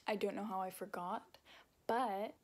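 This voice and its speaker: A woman's voice: medium pitch, steady tone, unhurried, darkish tone. A young woman narrating her vlog in a candid, self-deprecating way about making a single. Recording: music playing underneath.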